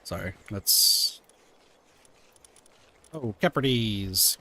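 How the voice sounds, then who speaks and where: A man's voice: medium pitch, big pitch swings, very slow, pauses often, pushed and bright. A man streaming a game, chatting to himself and talking to the creatures he catches. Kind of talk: casual gaming livestream.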